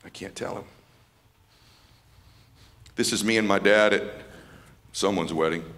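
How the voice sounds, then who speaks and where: A middle-aged man giving an emotional stage speech as a motivational speaker, casual and slangy, dropping to a hushed voice in tender moments. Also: low-pitched, measured pace, slight background noise. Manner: casual and slangy, calling people dude and man. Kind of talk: emotional speech to a live audience. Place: stage at a live event.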